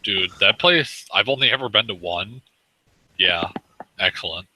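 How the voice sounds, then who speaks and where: Forceful low-voiced man, blunt banter. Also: unhurried, slight background noise, low-quality recording. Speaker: voice chat participant. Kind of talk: casual chat.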